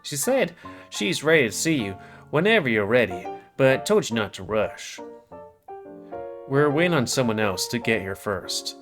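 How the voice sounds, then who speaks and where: A man's voice: medium pitch, sing-song, normal speed, over music, lightly acted. A man voicing an unflappable female squirrel barmaid in a put-on Scottish accent, chirpy and clipped, reading a visual novel aloud. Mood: brisk. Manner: chirpy, clipped, says "aye" often.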